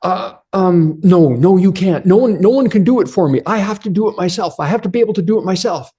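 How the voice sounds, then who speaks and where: Brief: anxious stammering man who gets stuck on a simple task, high and tight, put on by a man. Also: a little fast, mellow, breathy edge. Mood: flustered. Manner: stammering, flustered. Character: anxious man who can't pour his own coffee.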